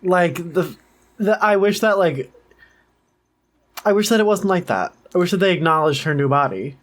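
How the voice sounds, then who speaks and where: A man's voice: high voice, expressive. A young man with a voice a little above average co-hosts a laid-back podcast. He chimes in with playful jokes and laughs easily. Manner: playful, quick to laugh and joke. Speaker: podcast co-host. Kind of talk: casual chat.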